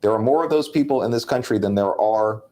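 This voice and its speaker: A man's voice: fairly low pitch, fast talker, dark tone. A man co-hosting a sales talk show, talking bluntly and making his points like a lecture. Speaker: podcast co-host.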